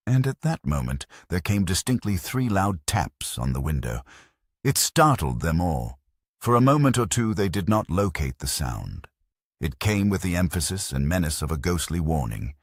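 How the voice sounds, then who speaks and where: A man reading a mystery novel aloud as narrator, with measured storytelling delivery. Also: low voice, sing-song, breathy edge, no echo, clean studio sound. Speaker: audiobook narrator.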